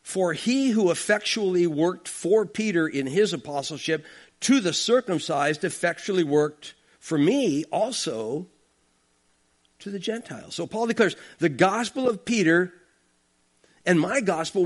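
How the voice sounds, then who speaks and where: A man preaching an expository sermon, talking emphatically and conversationally, with frequent asides to the congregation. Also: sits high. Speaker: pastor.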